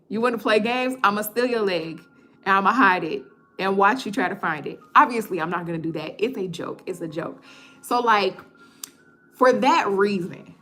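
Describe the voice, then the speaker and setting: A young woman, hosting a casual livestream chat, joking, animated, often stammering and repeating herself. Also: medium pitch. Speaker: livestream host.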